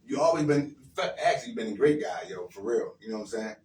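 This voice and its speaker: A man's voice: mid-range voice, expressive, quick pace, a little mellow. A man hosting a casual radio talk, speaking bluntly and encouragingly, with street slang and repetition. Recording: roomy sound from far off the mic with faint noise.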